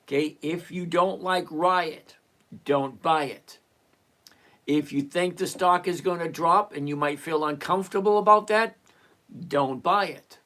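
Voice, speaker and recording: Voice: mid-range voice, unhurried, fairly bright tone. A live-stream host answering viewers' questions in a blunt, repetitive, lecturing way, with mildly profane, exasperated asides. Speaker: stock trading livestream host.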